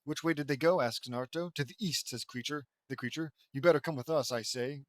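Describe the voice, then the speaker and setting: In a dry recording, a man with a mid-range, fairly bright voice talks a little fast as he performs a mocking dramatic reading of fan fiction. He trips over the lines, laughs at the text, and breaks off for sarcastic commentary.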